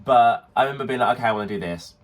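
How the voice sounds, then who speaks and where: A man's voice: medium pitch, racing. A young man co-hosting a podcast in camp, chatty banter. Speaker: podcast co-host. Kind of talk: casual chat.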